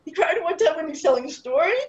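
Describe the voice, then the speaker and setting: A woman's voice: very high voice, lively intonation, fast talker. A middle-aged woman speaking in a heartfelt, rambling way over a video call, mixing in Hebrew and Yiddish words. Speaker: speaker at a women's Torah class gathering. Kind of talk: casual heartfelt talk. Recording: dull lo-fi video call audio with room echo.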